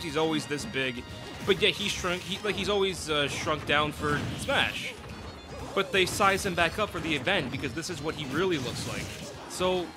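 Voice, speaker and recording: A man giving excitable, chatty let's play commentary, breaking into sudden outbursts and restarting his sentences. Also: a little high. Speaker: gaming YouTuber. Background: game music.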